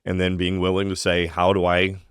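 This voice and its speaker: A man co-hosting a faith podcast, talking in an earnest, measured way and reading scripture aloud. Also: low voice, monotone, clear, resonant tone, no echo, clean studio sound. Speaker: podcast co-host. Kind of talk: faith-based casual discussion.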